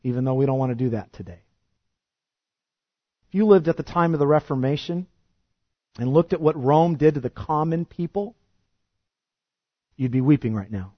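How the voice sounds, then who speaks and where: A man preaching a sermon with passion, firing rhetorical questions and swinging from quiet to loud. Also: a little high, normal speed, pauses often, dry recording, dull audio. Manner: impassioned, rhetorical questions, wide swings of loudness. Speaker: pastor.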